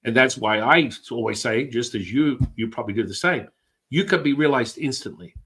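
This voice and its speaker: Excitable man telling wild stories. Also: medium pitch, moderate pace. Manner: excitable, swears, acts out quotes in other voices. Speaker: guest. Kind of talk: animated storytelling.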